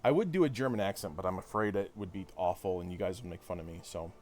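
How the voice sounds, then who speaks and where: A man's voice: low voice, fast, hardly any pauses, a little mellow, soft background music. A man streaming a video game, chatting casually with viewers and poking fun at himself. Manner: chatty, self-deprecating, talks to chat. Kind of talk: casual live-stream chat while gaming.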